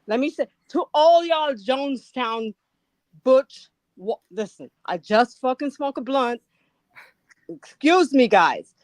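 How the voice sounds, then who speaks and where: A woman's voice: high voice, expressive, takes it slowly, dry recording. An older retired woman, a guest on a livestream, ranting angrily and profanely. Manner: angry, profane, insulting. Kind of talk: heated livestream rant.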